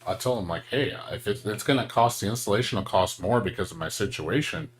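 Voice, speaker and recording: A man's voice: fairly low pitch, a little fast. A man chatting casually while streaming a game, ranting and swearing with lots of fillers.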